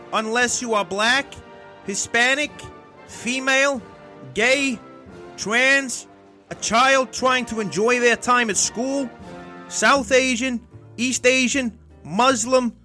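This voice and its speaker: A man putting on a loud brash American. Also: exaggerated voice. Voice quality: high, loud, showy. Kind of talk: comedy podcast sketch.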